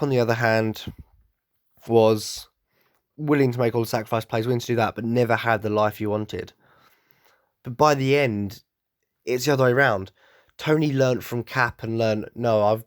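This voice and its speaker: A man's voice: medium pitch, dry recording, studio quality. A man talking on his own podcast in a loose, rambling way, stumbling and restarting as his enthusiasm runs ahead of him. His voice sounds a bit blocked up and nasal from hay fever. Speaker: podcast host. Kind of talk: casual solo podcast monologue.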